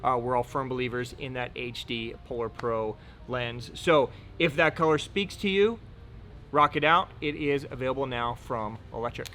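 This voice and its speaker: A man's voice: medium pitch, moderate pace, a bit bright, a little hiss or hum. A man hosting a casual product rundown indoors, upbeat and joking, swearing casually now and then. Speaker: host. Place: indoor room.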